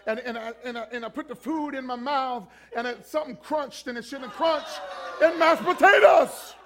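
A male pastor telling a comic story in a sermon, animated, acting out voices and screams and stumbling through bursts of repeated words. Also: extremely high pitch, fairly quick, some chatter behind, a little hiss or hum. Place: church before a congregation.

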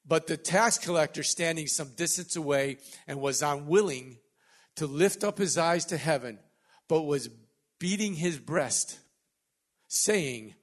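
A man in his sixties preaching a sermon as pastor, swinging between loud emphatic passages and quiet joking asides to the congregation. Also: on the high side, normal speed, vocal fry.

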